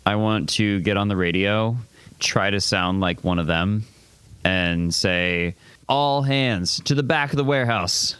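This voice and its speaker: A man's voice: fairly low pitch, measured pace, fairly bright tone, smooth, dry recording. A man playing a tabletop game, laying out his plan in a matter-of-fact way. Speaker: player.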